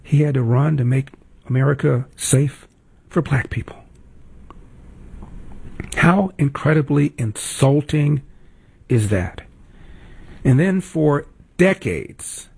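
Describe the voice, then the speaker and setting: Male talk host, husky and fried, indignant commentary with emphatic repeats. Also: mid-range voice, slow pace, pauses often, a little mellow. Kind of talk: political commentary monologue.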